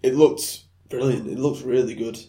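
A man's voice: medium pitch, fairly even intonation, normal speed, dark tone. A man co-hosting a casual film review podcast, blunt and critical in his opinions. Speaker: podcast co-host. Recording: echoey room.

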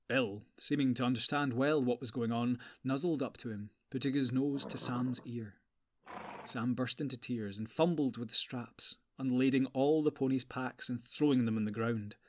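A male narrator reads an audiobook at a measured, deliberate pace. His voice sits in a middle register, and in places he lowers it to a hush. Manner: measured, sometimes dropping to a hush.

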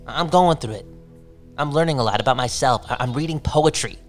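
Guy on the phone, super animated, keeps going "okay?" after everything. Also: medium pitch, fairly quick, faint music behind. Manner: animated, repeats "okay?" a lot. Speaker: caller. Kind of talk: casual phone chat.

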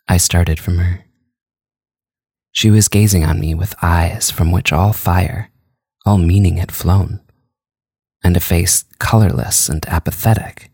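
A man narrates a classic novel in a very deep, low voice, measured and unhurried. The recording is close and dry, with no room echo at all. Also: steady tone, a little mellow, slightly rough. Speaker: audiobook reader.

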